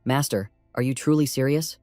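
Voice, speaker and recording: A brash young fighter, cocky and eager, as a man reads him out in a story recap. The voice sits at a middle pitch, recorded dry and close with soft music underneath. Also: moderate pace, no echo, natural voice.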